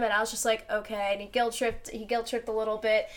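A woman's voice: a little high, level tone, fast talker, few pauses. A young adult woman, a podcast guest, telling a story in casual chat and acting out quotes with bursts of laughter.

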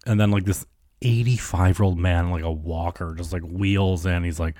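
On his solo podcast, a man with a deep, darkish voice talks briskly, rambling and cursing, leaning heavily on "like" and "um." There's no echo, just clean studio audio.

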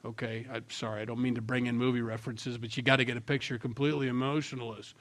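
A man preaching a sermon in a conversational tone, swinging between loud emphasis and quiet asides. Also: mid-range voice, steady tone, quick pace, few pauses. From Norwegian heritage. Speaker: pastor.

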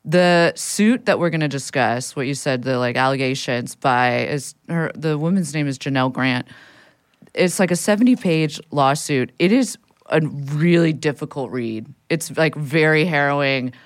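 A frank, profane podcast co-host with a voice of middling pitch. The sound is dry and close, with no room echo. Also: normal speed. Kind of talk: casual podcast chat.

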